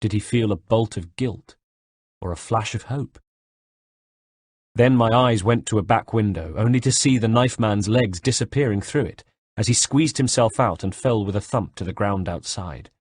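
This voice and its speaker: Male audiobook narrator, low breathy voice, dry close sound. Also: moderate pace, darkish tone, no room sound. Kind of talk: first-person audiobook narration.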